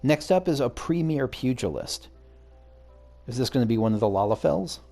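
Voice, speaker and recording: A man's voice: mid-range voice, animated, normal speed, creaky, dark tone. A man casually commenting on a game he is playing, chatty and enthusiastic, with faint game music behind. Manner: chatty, enthusiastic, self-interrupting. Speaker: let's play host.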